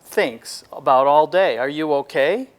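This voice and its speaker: A man's voice: on the high side, measured pace. A man hosting a comedy video, with dry, jokey delivery. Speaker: host.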